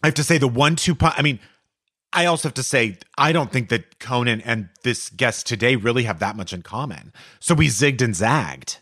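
A man co-hosts a podcast, jumping in with jokey asides and quick agreement. His mid-pitched voice swings through a lively range. The recording is dry and close. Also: no room sound. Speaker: podcast co-host. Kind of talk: casual chat.

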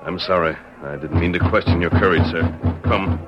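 A firm, righteous masked western hero, voiced by a man, commanding and decisive. His voice is very low, on a dull old radio drama recording. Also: fairly even intonation, a little fast, loud music behind the voice, close to an everyday voice. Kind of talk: 1940s radio acting.

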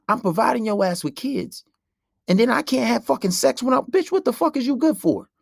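A man's voice: extremely high pitch, expressive, a little fast, gravelly, no echo, studio quality. A man hosting a solo podcast, ranting in a brash, profane and preachy way. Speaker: podcast host.

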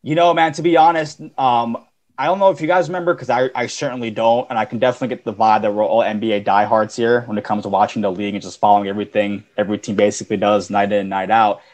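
A man guest in a casual sports chat, animated, laughing and mimicking others. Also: lowish voice, quick pace.

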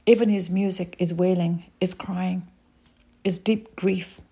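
A woman's voice: on the low side, fairly even intonation, normal speed, mellow, slightly rough. A woman preaching a sermon, reading scripture aloud and speaking directly to her listeners in an earnest way.

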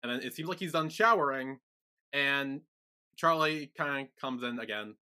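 A man's voice: mid-range voice, normal speed, bright, forceful tone, clear, resonant tone. A man co-hosting a podcast recap in casual chat, retelling scenes and quoting characters. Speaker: podcast co-host.

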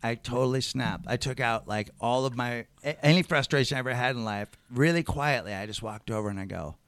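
A middle-aged man, a comedian guest, telling a rambling, animated story in casual chat and swearing freely. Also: medium pitch, fairly quick, smooth, no echo.

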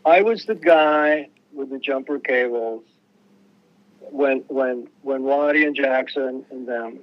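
A man's voice: mid-range voice, takes it slowly, highs cut off. A man, a musician guest in an interview, telling stories in a loose, rambling way with many restarts. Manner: rambling, restarts a lot, acts out quoted voices. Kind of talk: casual storytelling interview.

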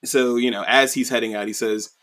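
A man's voice: medium pitch, fairly even intonation, a little fast, a bit bright. A man co-hosting a podcast, casually recapping a story in a rambling way, full of "you know" and "like". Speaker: podcast co-host.

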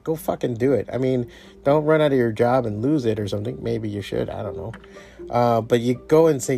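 A man's voice: fast, creaky, warm tone, soft background music. A man hosting a podcast, giving a casual, profanity-laced motivational talk and acting out the voices he quotes. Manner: profane, blunt, pep-talk delivery; acts out quoted voices with jumps in pitch. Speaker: podcast host.

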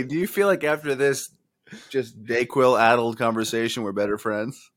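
A man co-hosting a podcast, riffing with animated, mock-outraged comic bits. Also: medium pitch, moderate pace. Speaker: podcast co-host. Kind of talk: casual comedic chat.

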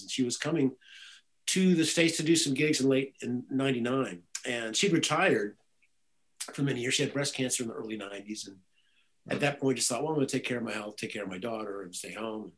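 In a rough recording, a man with a mid-range voice, a guitarist and music director, rambles through animated stories in a casual interview, restarting often.

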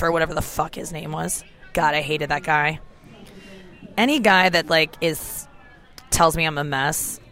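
A woman's voice: low voice, a bit bright. Chatty woman with a sore throat. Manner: chatty, candid and self-mocking, swears freely. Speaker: podcast host. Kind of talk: casual solo podcast. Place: airport departure gate. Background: music playing faintly.

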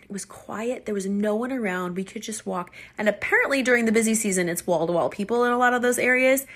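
A woman hosting a podcast tells a personal travel story in a loose, conversational way. She is chatty and animated and laughs easily as she talks. Her voice sits at an ordinary middle pitch for a woman. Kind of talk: casual storytelling.

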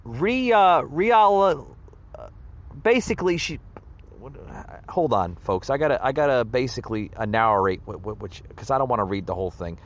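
In a dull lo-fi recording, a man hosting a political commentary podcast rants with heat, his words tripping and filled with fillers. His mid-range voice has a sing-song quality at normal speed.

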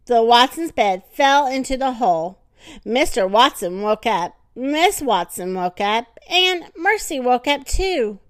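Animated high woman reading a storybook. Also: no room sound, clean studio sound. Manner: expressive, animated, dramatic pauses. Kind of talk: reading a children's story aloud.

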